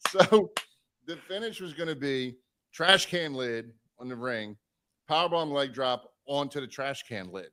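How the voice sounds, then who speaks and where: A man casually telling a long road story on a live stream, animated and swearing, acting out the people he quotes. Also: medium pitch, measured pace, noisy background.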